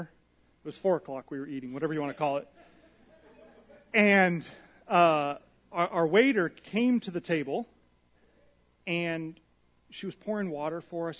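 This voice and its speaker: A male pastor with a somewhat high voice delivers a sermon in a lively, storytelling manner. He acts out the people in his stories as he goes. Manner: animated storytelling, acting out quotes.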